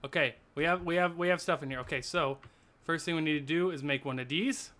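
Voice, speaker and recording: A man co-hosting a video game let's play, chatting casually, rambling and jumpy, quick to panic. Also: fairly high pitch, pushed and bright. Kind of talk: casual gameplay chat.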